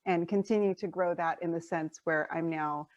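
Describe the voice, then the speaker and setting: A woman's voice: lowish voice, steady tone, normal speed, no echo, dull audio. A woman hosting an interview, affirming and encouraging her guest in casual conversation. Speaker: interview host, coach.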